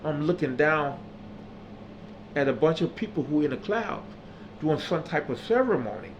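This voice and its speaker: Man telling a story, slightly higher voice. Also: moderate pace. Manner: animated, acts out dialogue, builds to loud emphatic peaks. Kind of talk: personal storytelling monologue. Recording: slightly dull audio with faint background hum.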